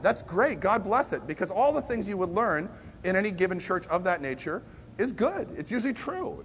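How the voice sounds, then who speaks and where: A man giving a conversational sermon, a lively storyteller who swings between hushed and loud emphasis and makes self-deprecating asides. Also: high-pitched, a little hiss or hum.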